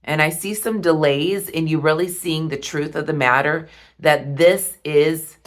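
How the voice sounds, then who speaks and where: Woman, deep voice, tarot reader, slow, gentle, heartfelt. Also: steady tone. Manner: slow, soft and heartfelt, with pauses. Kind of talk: tarot reading monologue.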